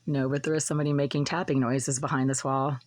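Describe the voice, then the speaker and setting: A woman with a husky, smoker-like voice filming herself in her apartment kitchen, delivering an agitated, accusatory rant. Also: extremely low pitch, level tone, fast, a little mellow, poor audio. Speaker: vlogger. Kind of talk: angry complaint vlog.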